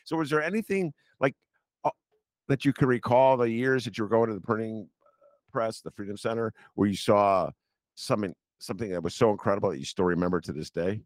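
A man hosting a podcast interview, chatting casually and telling joking, self-deprecating stories in an animated way. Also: on the low side, brisk, no echo, clean studio sound. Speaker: podcast host.

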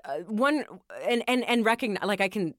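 A woman's voice: on the high side, lively intonation, normal speed, fairly bright tone, no room sound, studio quality. Candid, foul-mouthed woman in her thirties. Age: 30s. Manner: frank, profane, self-deprecating. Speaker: podcast guest. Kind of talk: candid conversational interview. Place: recording studio.

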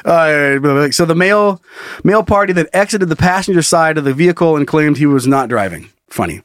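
A man's voice: fairly high pitch, expressive, a little fast, dry recording, studio quality. A man co-hosting a comedy podcast, retelling a news story in casual banter, laughing often and swearing freely. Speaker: podcast co-host.

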